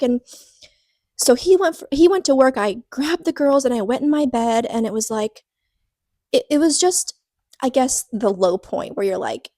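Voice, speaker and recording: A woman's voice: a little high, a little slow, mellow, no echo, studio quality. A woman co-hosting a podcast, telling a personal story in a rambling, earnest way, full of "like" fillers and restarts. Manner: earnest, openly vulnerable. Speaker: podcast co-host. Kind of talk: casual personal podcast chat.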